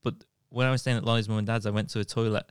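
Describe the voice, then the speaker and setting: A man's voice: on the low side, racing, clear, resonant tone, no echo, studio quality. A man, co-hosting a casual comedy podcast and telling stories while laughing between lines. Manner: animated storyteller who keeps laughing mid-sentence. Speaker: podcast co-host.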